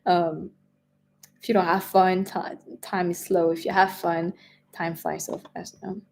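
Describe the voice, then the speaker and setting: A French woman, native speaker with an accent, hosts a casual live stream and reads questions from viewers aloud. She's chatty, laughs often, and repeats words as she restarts. Her voice is lowish with little pitch movement and a measured pace, over slight background noise.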